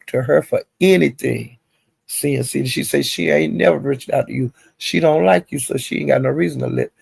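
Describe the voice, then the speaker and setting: Gravelly man gossiping about online drama. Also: fairly high pitch, dry recording. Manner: gossipy, animated retelling with slang and profanity. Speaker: commentary channel host. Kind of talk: casual recap of online drama.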